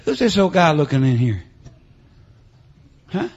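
A middle-aged man preaching a revival sermon in a church over a PA. He punctuates his lines with "uh, amen" and "huh?" and swings between shouted preaching and quiet storytelling. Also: a little high, very animated, unhurried, muffled recording. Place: church sanctuary with PA.

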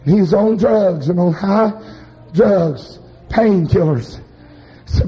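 Man, high voice, revival preacher, shouted chanting climaxes, muffled recording. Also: animated, slow. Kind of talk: revival sermon storytelling. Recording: muffled recording with faint music.

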